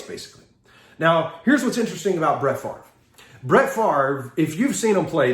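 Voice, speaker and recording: Guy with a highish voice doing a seminar, lively storytelling w chuckles, echoey room. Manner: lively anecdotes, chuckling, acting out quotes. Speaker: seminar speaker.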